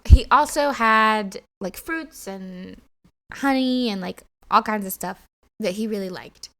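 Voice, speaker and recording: Podcast co-host, woman, mid-range voice, animated storyteller who laughs a lot. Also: medium pitch, unhurried. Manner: lively, laughs often, tells anecdotes. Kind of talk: casual storytelling chat.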